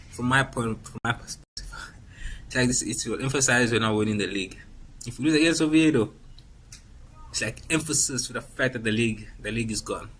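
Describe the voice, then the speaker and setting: A man's voice: mid-range voice, a bit bright, slight background noise, poor audio. A man giving casual, rambling commentary while playing a football management game. He often repeats and restarts phrases as he thinks aloud.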